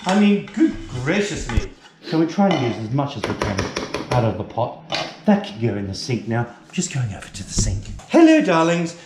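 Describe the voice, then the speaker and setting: A man's voice: medium pitch, wildly swooping pitch, normal speed, reverberant, background noise. A man playing a posh, tipsy middle-aged British lady who hosts a cooking show, plummy and chatty, calling everyone darling.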